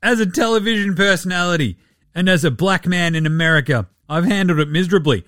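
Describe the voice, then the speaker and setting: A man's voice: high voice, fast, a bit bright, no room sound, clean studio sound. A man putting on a mock-solemn, droning parody of an athlete giving a contrived apology.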